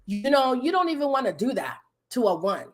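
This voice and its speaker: A woman's voice: fairly high pitch, very animated, fairly quick. A woman business coach hosting a live stream, chatting casually and animatedly with her viewers and laughing often.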